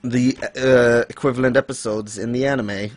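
A man hosting a laid-back discussion, wandering through his points with ums and chuckles. His voice sits at a middle pitch. The recording is dry and close. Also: fairly even intonation, moderate pace, dry recording. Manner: rambling, with fillers and laughs. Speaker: podcast host. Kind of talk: casual manga discussion.

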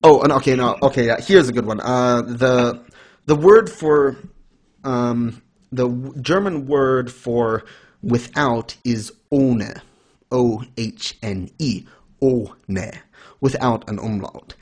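A man's voice: mid-range voice, slow. A man co-hosting a casual anime discussion, explaining things in a mock-formal lecturing way and correcting himself as he goes. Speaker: podcast co-host.

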